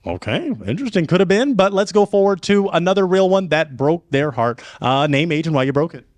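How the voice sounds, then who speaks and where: Man, dating show host, lively, upbeat, dry close sound. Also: on the high side, brisk, dry recording. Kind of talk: hosting a dating game show.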